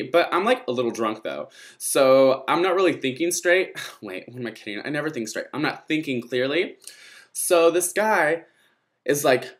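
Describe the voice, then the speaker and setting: A young man tells a wild night-out story straight to his vlog viewers, in a voice of middling pitch. He is gossipy and theatrical, and he swears freely as he talks. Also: lively intonation, moderate pace. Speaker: vlogger.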